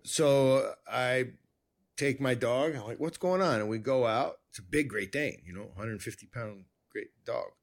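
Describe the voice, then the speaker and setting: A man hosting a conversation, telling a personal story in a rambling, animated way with many restarts. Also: medium pitch, measured pace. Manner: rambling, self-interrupting, animated. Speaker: podcast host.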